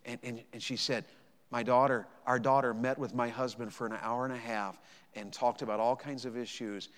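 A man preaching a sermon, moving between hushed storytelling and loud, emphatic proclamation. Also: mid-range voice, steady tone, moderate pace. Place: large church hall. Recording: long reverb of a large hall.

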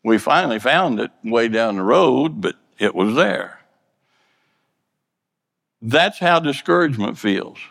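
A man's voice: mid-range voice, a bit bright, long reverb tail. A man preaching a sermon in a plainspoken, folksy way, earnestly repeating and stumbling over words.

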